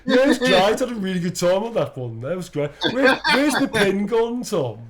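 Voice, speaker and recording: A man's voice: high-pitched, big pitch swings, normal speed, crowd noise, pitched above the performer's own voice. A man doing an exaggerated, thick Birmingham accent version of himself, chatty and laughing through the lines. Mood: cheery.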